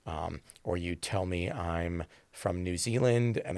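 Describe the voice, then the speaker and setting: A man's voice: on the low side, little pitch movement, measured pace, creaky, hardly any pauses, a little mellow, clear, resonant tone, no echo, clean studio sound. A man who teaches improv, talking thoughtfully in an interview, often checking in with "right?". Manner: thoughtful, rambling with fillers and "right?" tags. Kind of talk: conversational interview.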